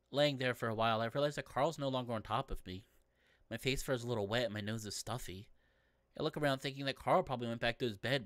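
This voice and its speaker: A man's voice: medium pitch, a bit bright, no room sound. A man reading a visual novel aloud in first person as a let's play narrator, playful and given to joking asides. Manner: playful, breaks off to joke with viewers.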